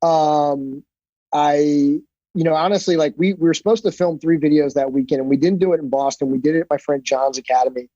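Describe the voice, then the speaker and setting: A man as a podcast guest, telling stories casually in an animated, profane way, full of fillers. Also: on the high side, brisk, no room sound, dull audio. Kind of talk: casual storytelling.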